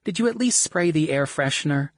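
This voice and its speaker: A man's voice: mid-range voice, very animated, a little fast, husky, no room sound, studio quality, pitched above the performer's own voice. A man voicing an exasperated young mother who chides and whines at the men around her, in an audiobook. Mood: whiny. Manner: chiding, whiny. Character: young mother on a tour bus, exasperated and scolding. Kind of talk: audiobook character voice.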